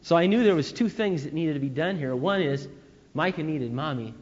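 A man preaching a sermon, telling stories in an animated way that swings from loud to hushed. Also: a little high, a little fast, slight background noise. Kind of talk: sermon on parenting. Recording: dull lo-fi recording with long hall reverb.

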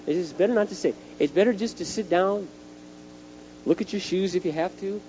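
A middle-aged man preaching a sermon, telling stories in an animated way and acting out the scenes. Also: high-pitched, normal speed. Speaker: youth speaker. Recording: dull lo-fi tape with faint hum.

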